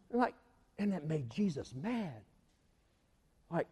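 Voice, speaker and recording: Animated high-voiced preacher in a reverberant hall. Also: male voice, a little fast, slightly rough. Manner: animated, acts out the story's voices with laughter. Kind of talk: sermon.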